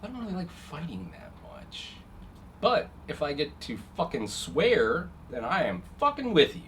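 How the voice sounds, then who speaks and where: A man's voice: fairly high pitch, wildly swooping pitch, moderate pace, fairly bright tone, slight background noise, voice pushed up. A man voicing a brash, foul-mouthed eleven-year-old girl who swears at every chance. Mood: cocky. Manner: swears constantly, brash and cocky.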